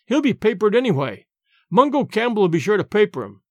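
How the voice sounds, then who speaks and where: A desperate Highland man, voiced by a male reader, pleads with earnest urgency in a storybook reading. The voice rises high and swings widely in pitch. The sound is dry and close. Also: very animated, fairly quick, a little mellow, no echo. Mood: pleading.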